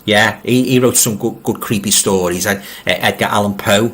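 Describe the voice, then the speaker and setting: On a casual live stream, a middle-aged man with a Liverpool accent reads viewers' comments, rambles, and repeats words as he keeps restarting. His lowish voice is a bit bright and goes at normal speed. He comes across as friendly, speaking right to his audience.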